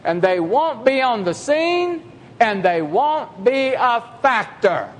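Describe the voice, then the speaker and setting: Man, preacher, high voice, emphatic sermon delivery, rhetorical questions, long echoing reverb. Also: very animated, slow.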